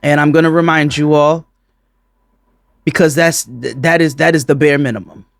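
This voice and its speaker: A man co-hosting a podcast in casual chat, animated and profane, often breaking into laughter. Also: a little high, moderate pace, creaky, no echo, studio quality. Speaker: podcast co-host.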